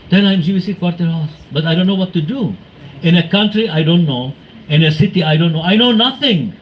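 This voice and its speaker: Talking fast in a high voice, a man from Venezuela delivers a devotional talk full of anecdotes, performing the dialogue of his stories with animation. Captured in a temple hall, the audio sounds muffled over a faint background hum.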